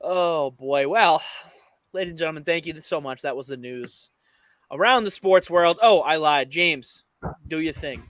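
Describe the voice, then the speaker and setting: Bright, high-voiced playful male host. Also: unhurried, dry recording. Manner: playful, teasing. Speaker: sports podcast host running the segments. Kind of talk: casual sports podcast hosting.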